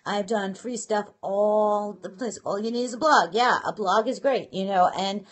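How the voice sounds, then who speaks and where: A woman's voice: mid-range voice, moderate pace. A chatty middle-aged woman from New York talks live to her viewers from her home office. She greets people by name and laughs easily, in a middle-range voice and a loose, rambling way of talking. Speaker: livestream host. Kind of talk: casual live-stream chat.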